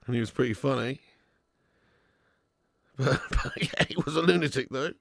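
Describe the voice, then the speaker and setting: A man hosting a live football watch-along, who shouts at the big moments and laughs a lot between them. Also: medium pitch, normal speed, gravelly, no room sound, clean studio sound. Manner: excitable, shouts at goals, laughs often.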